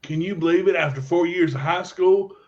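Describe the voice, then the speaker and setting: A man's voice: high voice, brisk. A man hosting a casual radio chat, jokey and rambling, slipping into silly impressions. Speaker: podcast host. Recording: dull lo-fi audio.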